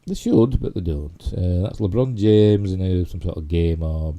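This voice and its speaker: This Yorkshire-accented man from England has a low-pitched, mellow voice at normal speed, though the audio sounds dull. On his laid-back live stream he wanders through geek news, full of "you know" and tag questions.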